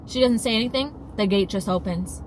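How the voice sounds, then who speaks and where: A woman's voice: medium pitch, a little fast, rough recording. Young woman telling stories in her car. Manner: animated, dramatic storyteller who swears casually. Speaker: vlogger. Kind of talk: casual vlog storytelling. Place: inside a car. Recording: car cabin with clear road noise.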